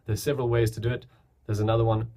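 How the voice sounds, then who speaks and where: A man's voice: mid-range voice, little pitch movement, rapid-fire, warm tone, a little hiss or hum. A young man casually explaining beatboxing basics on camera, chatty and loose, often restarting his sentences. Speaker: beatbox teacher. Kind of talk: casual tutorial. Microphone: camera mic, filming himself.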